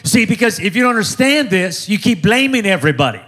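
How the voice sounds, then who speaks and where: A man in his forties preaching an energetic sermon, joking with the crowd and driving points home with call-and-response repetition. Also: sits high, quick pace. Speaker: pastor.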